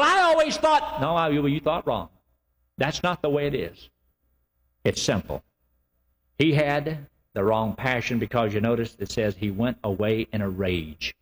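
Emphatic preacher man, lively high voice. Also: big-room sound. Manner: emphatic, repetitive preaching with sudden loud rises and slow drawn-out lines. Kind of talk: sermon.

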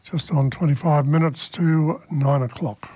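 A man presenting local radio, reading the weather in a relaxed, chatty way and telling a joke. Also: on the high side, a little slow, husky, dry recording.

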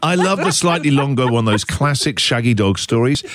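A man hosting a morning radio call-in show, playful and teasing, quick to laugh. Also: mid-range voice, lively intonation, fairly bright tone, no room sound. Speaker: radio host. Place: radio studio.

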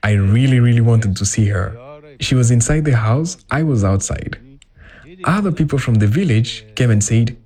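A man giving an English voice-over for a translated interview, telling the story in an expressive way. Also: mid-range voice, a little slow.

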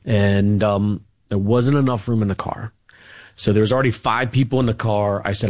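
A man's voice: fairly low pitch, fairly even intonation, normal speed, no room sound, clean studio sound. A man, a guest author, telling family stories in a casual interview, rambling with many fillers and restarts.

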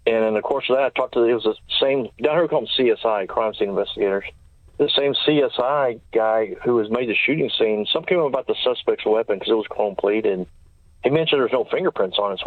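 A man tells his story at a brisk clip, packing in dates and quoted exchanges. His voice sits at an ordinary pitch and comes through a tinny, narrow phone line with no room sound around it. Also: no echo. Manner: fast, detailed recounting with quoted dialogue. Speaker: interview guest, former sheriff's deputy. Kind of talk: storytelling in an interview.

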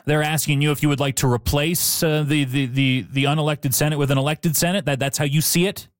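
Fast-talking radio host, man. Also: a little high, fairly even intonation, no echo, studio quality. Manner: quick, interjecting. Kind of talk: call-in radio hosting.

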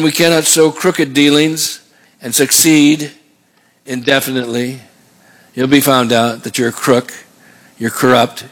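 A man preaching a sermon, going through numbered points and having the congregation fill in words. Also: medium pitch. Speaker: pastor.

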